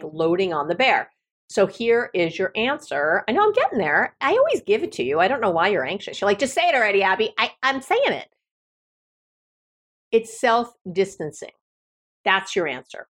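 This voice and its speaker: A middle-aged woman therapist hosting a solo podcast, talking in a chatty, animated way with playful asides. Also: mid-range voice, breathy edge.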